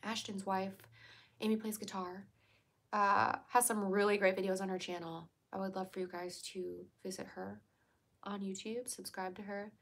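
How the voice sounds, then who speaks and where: A woman's voice: medium pitch, little pitch movement, normal speed, creaky. A young adult woman hosting a livestream, chatting casually, giggling and answering her chat. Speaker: livestream host.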